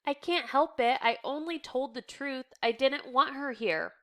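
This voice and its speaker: Upset teenage girl, pleading and earnest, clear voice; a woman reads her. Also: high-pitched, a little slow, fairly bright tone, pitched above the performer's own voice. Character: teenage girl, frightened and defiant.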